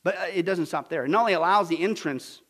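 A man preaching a sermon as a pastor, emphatic and indignant, swinging between low quiet stretches and loud forceful outbursts with repeated phrases. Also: quick pace.

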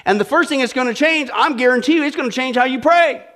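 A man with a high voice preaches a sermon. He is animated and humorous, and he often checks in with his listeners as he goes. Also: quick pace. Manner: animated, humorous, talks straight to the audience. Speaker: pastor.

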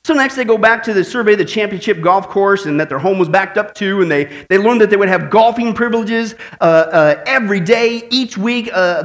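A male preacher with a high voice delivers a lively sermon. He tells jokes and keeps asking his listeners questions. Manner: animated, tells jokes, asks the congregation questions. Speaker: pastor.

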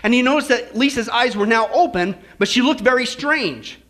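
A man's voice: very high voice, lively intonation, normal speed, a bit bright. A male pastor preaching a sermon in a church, folksy and joking, with shifting emphasis.

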